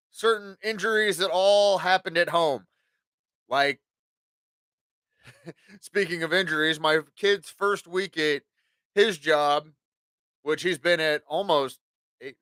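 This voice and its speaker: Bright-voiced, foul-mouthed man telling stories. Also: a little high, clear, resonant tone, dry recording, clean studio sound. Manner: profane, rambling, acts out quotes. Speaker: podcast host. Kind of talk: casual storytelling monologue.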